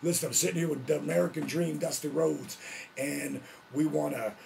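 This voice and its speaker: A man voicing a pushy male wrestling booker who talks briskly and insistently over the phone. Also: fairly high pitch, fairly even intonation, gravelly, darkish tone, distant mic, a little hiss or hum.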